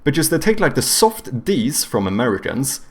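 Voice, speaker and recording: A man commentating his games casually on a live stream, excitable and profane, and often breaking into laughter. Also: mid-range voice, normal speed. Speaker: game streamer.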